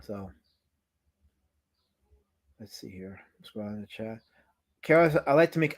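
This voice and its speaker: A man's voice: on the low side, animated, slow, pauses often. A man hosting a live drawing stream, chatting casually and slipping into mock-offended, theatrical complaints. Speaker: livestream host.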